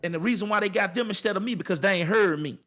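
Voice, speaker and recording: Male motivational speaker, high register, emphatic and repetitive, casual street talk with a preacher's rhythm. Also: very fast, a bit bright, faint music behind. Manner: colloquial, addresses viewers directly. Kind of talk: motivational monologue to camera.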